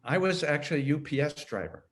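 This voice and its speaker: In a conversational interview, a man in his sixties who works as an HR consultant talks through his career, rambling, correcting himself and laughing easily. His voice is on the high side, quick, with lively intonation.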